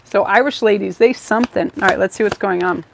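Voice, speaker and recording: A woman's voice: mid-range voice, quick pace, gravelly, a little hiss or hum. A woman hosting a live-stream tarot reading, talking in an effusive, rambling, chatty way with many fillers.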